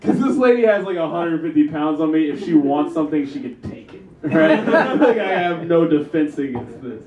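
A man's voice: a little high, lively intonation, moderate pace, few pauses, dull audio, a crowd in the background. A young man doing a live stand-up set in a small café, self-deprecating and chuckling through his own lines. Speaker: stand-up comedian. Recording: echoey room, distant mic.

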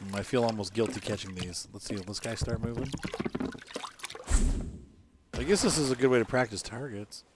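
A man's voice: on the low side, normal speed, pauses often, very noisy. A man casually commenting on his own gameplay, thinking aloud and correcting himself as he plays. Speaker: let's play host.

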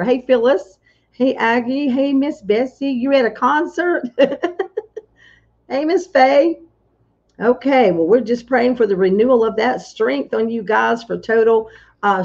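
A woman's voice: fairly high pitch, darkish tone. A woman minister on a casual livestream, chatting and greeting viewers one by one with frequent hallelujahs, from a hotel room. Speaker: prophetess and minister. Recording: dull lo-fi livestream audio.

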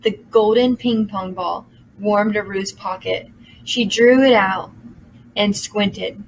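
A woman's voice: mid-range voice, fairly even intonation, a little hiss or hum, rough recording. Woman reading a children's story aloud. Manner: measured storytelling. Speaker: audiobook narrator. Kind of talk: scripted narration.

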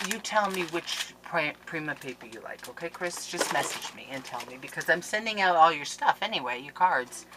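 A woman hosting a crafting channel, chatting casually to viewers in a gushing, excitable way as she opens mail at home. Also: low voice. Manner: excitable and gushing, with gasps and laughs. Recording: noisy background with clicks.

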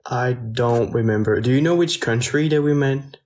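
A man with a French accent, a native French speaker, chatting casually on a phone livestream and answering viewer comments in a soft, hesitant way that often trails off. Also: medium pitch, moderate pace. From France.

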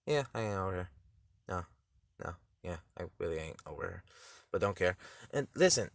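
A teenage boy making a loud, profane reaction video, laughing often as he talks. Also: sits low, lively intonation, moderate pace, gravelly, long pauses, no echo, clean studio sound. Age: teens. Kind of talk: reaction commentary.

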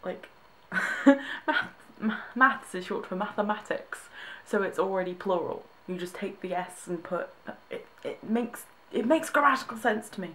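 A woman's voice: medium pitch, normal speed, sharp tone, slight background noise. A young woman from Britain reacting to tweets in a casual vlog, amused, laughing often and restarting her sentences. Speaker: vlogger.

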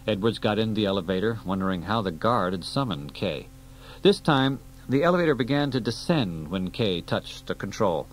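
A man reading an audiobook aloud in a steady storytelling delivery. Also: lowish voice, normal speed, slight background noise, poor audio. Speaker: audiobook reader. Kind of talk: audiobook narration.

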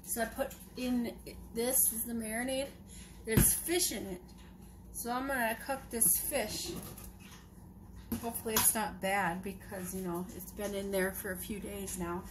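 A woman's voice: medium pitch, fairly even intonation, a little slow. A woman rambling casually as she vlogs at home and cooks in her kitchen. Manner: rambling, chatty, talks to her dog in a sing-song voice. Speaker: vlogger. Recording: noisy home recording.

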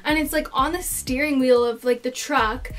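A woman's voice: sits high, fairly even intonation, moderate pace. A teenage girl chatting casually in a get-to-know-me vlog, telling stories with lots of "like" fillers. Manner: chatty, dramatic storytelling with many "like" fillers.

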